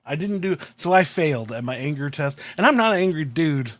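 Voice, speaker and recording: Animated man telling a story. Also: a little high, fairly quick, dry recording. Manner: animated, reenacts his own outbursts. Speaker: podcast host. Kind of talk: casual storytelling chat.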